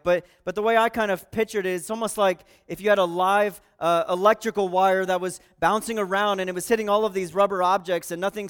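A man gives a sermon, walking his listeners through a passage of scripture. His voice sits high and sounds smooth and resonant. He talks in an earnest, conversational way. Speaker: pastor. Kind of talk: expository sermon.

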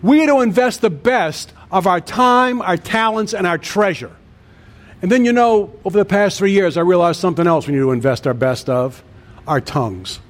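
A man's voice: sits high, moderate pace. A man in his sixties, a pastor preaching a sermon with an earnest cadence and emphatic repeated lists. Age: 60s.

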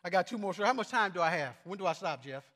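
A man preaching a sermon with personal stories, speaking earnestly and haltingly, often repeating words as he goes. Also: high-pitched, lively intonation, sharp tone. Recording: long hall reverb.

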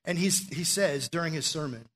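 A man with a voice a touch higher than most delivers a sermon as easygoing storytelling. His talk is loose and chatty, full of "like" and small restarts, more friendly conversation than pulpit oratory. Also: moderate pace, a bit bright. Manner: conversational storytelling with frequent "like" fillers. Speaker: preacher.

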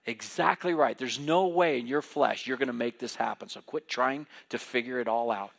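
A man preaching a sermon in an animated way, acting out the voices of biblical figures as he retells their stories. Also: medium pitch, normal speed, vocal fry.

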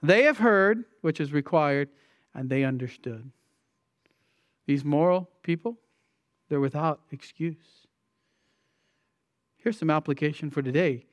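A man's voice: lively intonation, a little slow, long pauses, dry recording. Emphatic preacher man, dry sound. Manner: emphatic preaching with sweeping shifts in pitch and loudness. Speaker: pastor. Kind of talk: expository sermon.

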